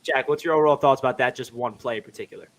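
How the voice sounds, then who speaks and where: A man hosting a casual sports chat, excitable and quick-talking. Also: medium pitch. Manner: excitable, talks fast. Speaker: podcast host.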